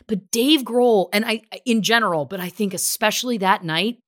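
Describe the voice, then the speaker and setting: A woman's voice: mid-range voice, normal speed, a bit bright. A woman co-hosting a podcast in casual chat, rambling with lots of fillers. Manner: rambling, heavy use of filler "like". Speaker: podcast co-host.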